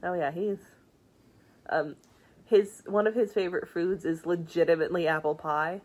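A woman's voice: on the low side, steady tone, normal speed, darkish tone. Easygoing young woman co-host. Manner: easygoing, teasing, hesitant restarts. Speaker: podcast co-host. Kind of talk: casual chat.

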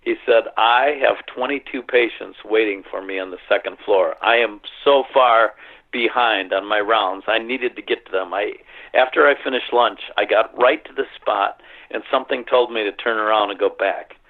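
Gravelly man telling his story over a phone line. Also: fairly low pitch. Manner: earnest, halting with fillers and restarts. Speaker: interview guest. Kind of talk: emotional personal storytelling.

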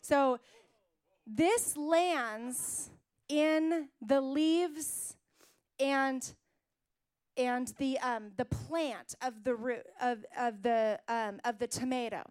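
A woman's voice: high-pitched, drawn-out words, a little mellow, smooth. A young adult woman preaching a sermon, emphatic and rousing in places, chatty and playful while she cooks at a kitchen table. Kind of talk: sermon with cooking demonstration.

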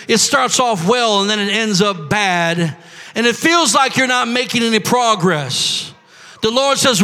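Preacher guy with a real high bright voice, yelling a sermon in a big echoey church. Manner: preaching, builds to shouting and prophecy. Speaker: pastor.

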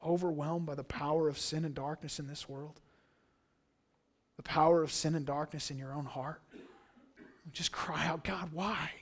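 High-voiced man preaching a sermon. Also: little pitch movement, moderate pace. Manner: earnest, emphatic preaching with swings from hushed to loud. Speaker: pastor.

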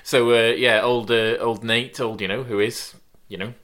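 A man's voice: medium pitch, level tone, moderate pace, fairly bright tone. A man co-hosting a casual podcast, talking in a rambling, hesitant way with many ums. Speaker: podcast co-host. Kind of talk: casual comedic chat.

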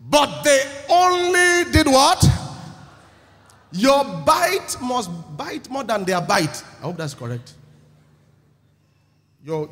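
A male preacher with a high, lively voice that swings up and down as he acts out crowd scenes and questions his listeners. His voice carries a long reverb from a church hall. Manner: animated, acts out the crowd and asks the congregation questions. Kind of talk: sermon.

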